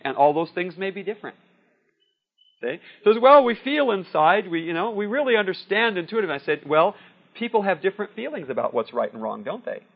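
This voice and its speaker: Gravelly man preaching, dull lo-fi sound. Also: fairly high pitch. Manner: conversational, often asks "See?" and "Okay?". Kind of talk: sermon with personal anecdotes. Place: room with a live audience. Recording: dull lo-fi recording.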